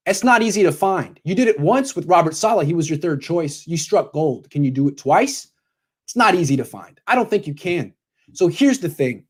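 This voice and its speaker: A man who is a sports commentator, bluntly lecturing a coach as if in a meeting, confrontational and direct. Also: fairly high pitch.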